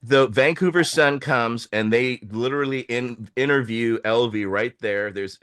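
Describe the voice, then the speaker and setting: A man telling a story in casual podcast chat, animated and profane, acting out the voices of the people he quotes. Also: medium pitch, measured pace, smooth, no room sound, studio quality.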